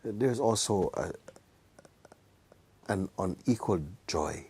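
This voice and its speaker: A man giving a soft-spoken spiritual talk, telling a personal story and often sinking to a hush. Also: on the low side, expressive, slow, slightly rough. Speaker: spiritual teacher.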